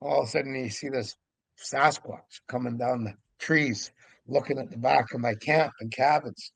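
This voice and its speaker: An older man from Vancouver Island, Canada, a podcast guest telling his stories in a lively way and acting out the dialogue. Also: medium pitch, normal speed, vocal fry, dry recording. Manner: lively storyteller who acts out the dialogue. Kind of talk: casual storytelling.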